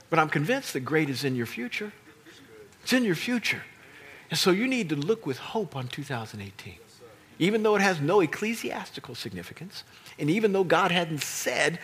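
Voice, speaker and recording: Husky, lively preacher man. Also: on the high side, normal speed. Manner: animated, emphatic preaching with playful asides. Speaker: pastor. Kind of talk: sermon.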